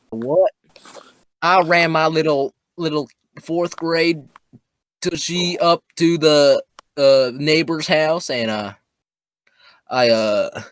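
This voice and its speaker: A man's voice: a little high, a bit bright, no echo. A man doing a bold Southern country character with a drawl, dramatically telling a childhood story on a podcast. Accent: Southern US, put on. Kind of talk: podcast comedy bit.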